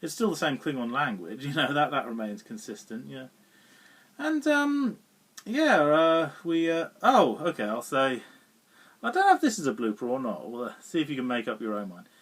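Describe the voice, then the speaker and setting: A man's voice: mid-range voice, sing-song, moderate pace, a bit bright, recorded from a distance. A man giving a casual spoken film review, rambling along with frequent chuckles, fillers and restarts.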